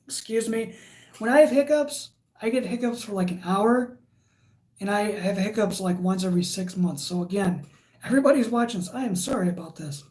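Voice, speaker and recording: A woman's voice: mid-range voice, a little fast, darkish tone. A woman hosting a casual livestream, reading viewer comments aloud and chatting in a rambling way. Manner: chatty and rambling, with frequent fillers. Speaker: livestream host.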